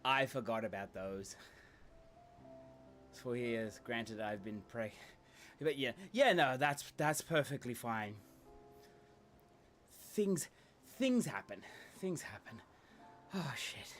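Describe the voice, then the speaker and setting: A man's voice: mid-range voice, animated, slow pace, pauses often, a bit bright, soft background music. A man live-streaming in casual chat, thanking viewers and counting out reps, out of breath after exercise. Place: indoors at home, small space.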